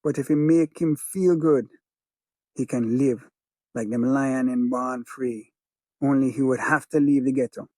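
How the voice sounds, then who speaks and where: A man with a Jamaican accent narrating a first-person story in a rhythmic, hushed patois. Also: medium pitch, steady tone, measured pace, no echo. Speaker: audiobook narrator. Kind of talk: first-person audiobook narration of a child's memory.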